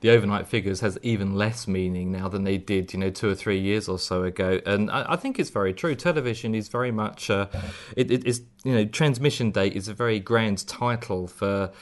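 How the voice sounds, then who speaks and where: A man hosts a podcast in a measured, wry tone and brings in listener feedback. His voice is fairly low and steady. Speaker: podcast host. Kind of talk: casual podcast chat.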